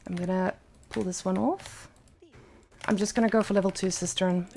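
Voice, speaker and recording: A woman giving live gameplay commentary as a streamer, animated and blunt, cursing freely. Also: medium pitch, moderate pace, vocal fry, a little hiss or hum. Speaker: streamer playing a strategy game.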